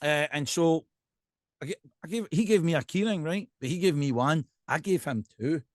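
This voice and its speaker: A man with a Scottish accent, a podcast guest and pipe band drummer, chatting casually in an animated ranting way and often checking in with "right?". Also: a little high, moderate pace, dry recording, clean studio sound.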